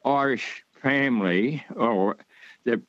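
A man's voice: mid-range voice, takes it slowly, no room sound, dull audio. A man from Australia calling in to a radio show, talking in a rambling, hesitant way with many fillers. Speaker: caller. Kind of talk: radio call-in chat.

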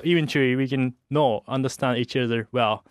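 A young man from Japan with a Japanese accent, a fighter pilot speaking English haltingly with many pauses in a radio interview. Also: medium pitch, no room sound, studio quality. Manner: hesitant, halting English with many uhs and light laughs.

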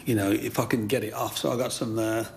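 An older man tells his story as an interview guest, his voice heavily gravelly and fried at the edges. He brings the people in his tale to life by acting out their lines. A faint hiss sits under his voice. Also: on the low side, little pitch movement, quick pace, a little mellow.

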